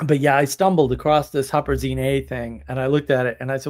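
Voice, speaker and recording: A man's voice: mid-range voice, fairly even intonation, fast, few pauses. A man hosting a live stream, chatting casually in a rambling way and laughing at his own stories. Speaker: livestream host.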